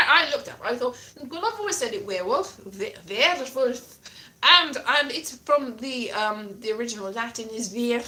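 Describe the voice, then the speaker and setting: A woman's voice: fairly high pitch, pushed and bright. A woman chatting playfully on her own livestream, rambling, trailing off and restarting. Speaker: livestream host. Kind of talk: casual rambling livestream chat.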